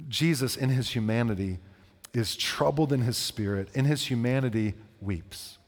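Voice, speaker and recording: A man in the middle of a sermon, reading scripture and talking it through with his congregation. His voice sits at an ordinary male pitch and carries a long reverb tail from a large hall. He keeps it conversational and slows down for the verses. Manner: conversational, asks the congregation questions. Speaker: preacher.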